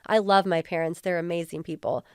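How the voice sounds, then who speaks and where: An earnest woman talks candidly as an interview guest, her voice sitting a little on the low side. She speaks in a heartfelt, filler-filled conversational way. The sound is dry and close, with no room echo. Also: fairly even intonation, fairly quick, a little mellow, clear, resonant tone. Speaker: podcast guest, former police officer.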